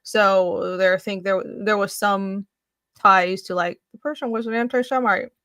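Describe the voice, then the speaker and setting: A woman co-hosting a casual podcast chat, talking in animated bursts with quick asides and laughs. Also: medium pitch, dry recording. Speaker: podcast co-host.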